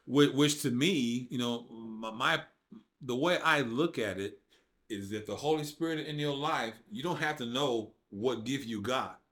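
A man sits in as a podcast guest and shares his testimony in loose, informal speech. He talks at a middling pitch, then breaks into lively acted-out quotes that jump up high, keeping the telling conversational. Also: a little slow. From United States. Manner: animated storyteller, acts out quotes with big jumps in pitch; informal speech with dropped verbs. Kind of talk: casual storytelling conversation.

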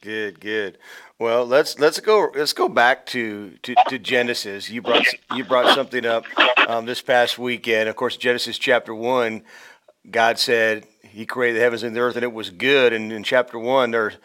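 A man's voice: medium pitch, normal speed, bright, forceful tone. A man hosting an interview, affirming his guest and repeating words as he starts his questions. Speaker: interview host.

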